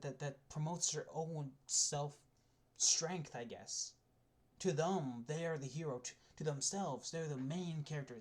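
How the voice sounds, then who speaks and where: A man's voice: a little high, a little mellow. A man delivering a casual, rambling spoken rant as a video essayist, with frequent restarts and the odd swear.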